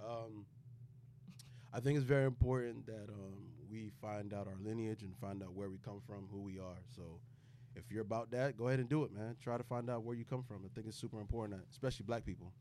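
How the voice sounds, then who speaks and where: A man co-hosting a podcast, trading loud, profane, laughing banter with friends. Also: lowish voice, fairly even intonation, a little fast, slight background noise. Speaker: podcast co-host. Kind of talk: casual chat.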